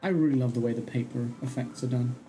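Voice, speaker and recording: A man's voice: medium pitch, steady tone, quick pace, warm tone, poor audio. A young man chatting casually while streaming a game, laughing easily as he plays. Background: game music.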